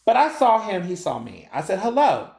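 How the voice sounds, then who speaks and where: A man in his thirties hosting a podcast, telling a story in a casual, animated way and swearing freely. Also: sits high, brisk, gravelly, echoey room. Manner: animated, acts out quoted dialogue, swears freely. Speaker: podcast host.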